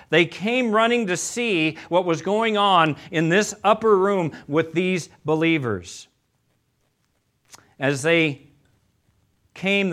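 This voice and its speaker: A man with a high, bright voice delivers a sermon. He retells scripture as a story and drops his voice for quoted lines. The delivery is lively and expressive. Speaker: preacher.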